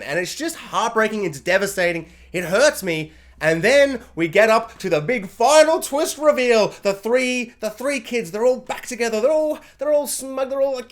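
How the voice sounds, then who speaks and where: A high-pitched man reviews a TV season in an animated, gushing rant. He piles up superlatives and jumps into brief impressions of the characters. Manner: excitable, gushing, mimics characters in quick bursts.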